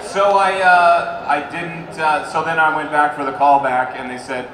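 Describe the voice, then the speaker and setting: A male actor answering fan questions on a convention panel, telling a story with lively put-on voices. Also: a little high, moderate pace. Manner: animated storyteller, breaks into a put-on drawl. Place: large convention hall. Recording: roomy hall, from far off, noisy crowd.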